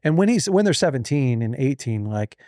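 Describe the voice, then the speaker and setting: Animated man telling a family story on a podcast. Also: mid-range voice, fairly quick, no echo, clean studio sound. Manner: animated, acts out quoted voices. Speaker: podcast host. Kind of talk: casual storytelling chat.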